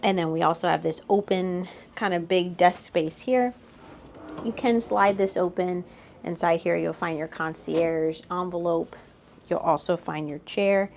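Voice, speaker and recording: A woman's voice: lowish voice, steady tone, unhurried, creaky, a little mellow, a little hiss or hum. A young American woman vlogger narrating a casual walkthrough of a cruise ship cabin, pointing things out and laughing lightly. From United States. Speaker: vlogger giving a room tour.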